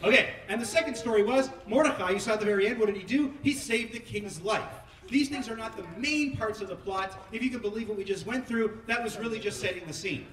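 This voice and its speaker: Joking high-voiced rabbi in an echoey sanctuary. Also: male voice, fast talker, a bit bright. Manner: joking, teasing, audience-prodding. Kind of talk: playful Megillah reading with asides to the congregation. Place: synagogue sanctuary. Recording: echoey hall heard from far off.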